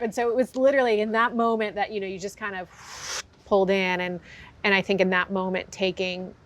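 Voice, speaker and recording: A woman horse trainer in an interview, telling her story candidly with animated, lively delivery and frequent fillers. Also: mid-range voice, a little fast. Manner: animated, acts out quoted reactions, frequent fillers.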